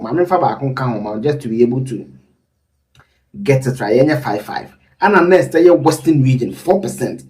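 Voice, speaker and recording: A man commenting on poll data in a rambling, animated way, with asides. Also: a little high, distant mic.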